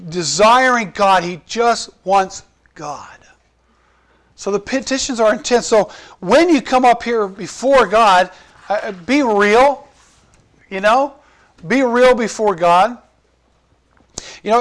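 A man with a notably high voice delivers a sermon. He talks earnestly and conversationally, breaking off to restart thoughts and put questions to his listeners. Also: a bit bright. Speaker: pastor.

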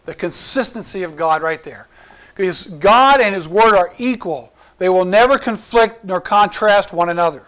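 A man with a notably high voice delivers a sermon. He talks earnestly and conversationally, breaking off to restart thoughts and put questions to his listeners. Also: moderate pace, a bit bright. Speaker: pastor.

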